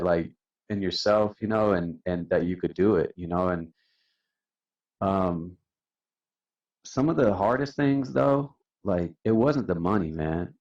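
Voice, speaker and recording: Laid-back male podcast guest with a very low voice, sounding a bit distant and muffled. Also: darkish tone. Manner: laid-back, says "man" and "dude" a lot. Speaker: podcast guest, company founder. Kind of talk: casual storytelling. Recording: distant, dull-sounding mic.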